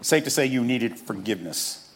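Emphatic, animated preacher man. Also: mid-range voice, moderate pace, slight background noise. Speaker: pastor. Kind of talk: sermon. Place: church stage with audience.

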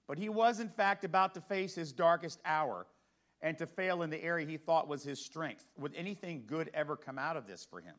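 A pastor with a high male voice preaching a sermon. He talks in a conversational way and keeps asking the congregation questions as he works through a Bible passage. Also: animated, normal speed.

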